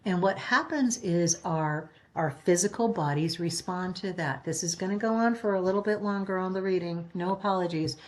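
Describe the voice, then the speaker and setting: A woman giving a spiritual reading, talking in an earnest, gentle way that rambles and restarts as she explains. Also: on the low side, moderate pace, few pauses. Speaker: spiritual reader. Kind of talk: spiritual guidance talk.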